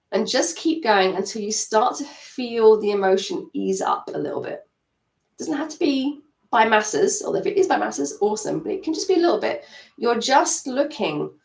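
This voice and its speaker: A woman's voice: medium pitch, creaky. Woman coaching tapping in an echoey room. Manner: gently instructive, guiding through tapping steps. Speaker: EFT practitioner. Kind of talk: live-stream coaching talk. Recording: echoey room, distant mic.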